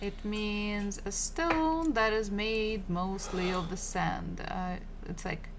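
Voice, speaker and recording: A woman teaching Russian in a live-streamed lesson, who repeats each word slowly and patiently and chats with her viewers between words. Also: mid-range voice, heavy background noise. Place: home.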